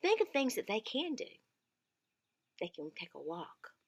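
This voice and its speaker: A woman's voice: mid-range voice, huge pitch swings, a little slow, creaky, breathy edge. A middle-aged woman, giving earnest caregiving tips in a casual vlog and repeating words for emphasis.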